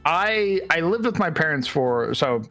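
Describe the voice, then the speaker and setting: A man's voice: fairly high pitch, expressive, measured pace, sharp tone, faint music behind. A man co-hosting a podcast, telling a personal story in casual chat, laughing often and swearing. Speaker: podcast co-host.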